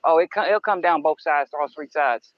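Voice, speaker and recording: This is casual livestream chatter from a man fishing at night on a wooded riverbank, rambling folksily to his audience at a moderate pace in a voice on the high side. The camera-mounted microphone near the water gives dull audio without echo.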